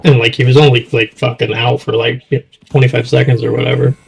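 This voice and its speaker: Gravelly young man chatting casually. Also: mid-range voice, little pitch movement, fast talker, rough recording. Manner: rambling, swears a lot, trails off. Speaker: streamer. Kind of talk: casual chat.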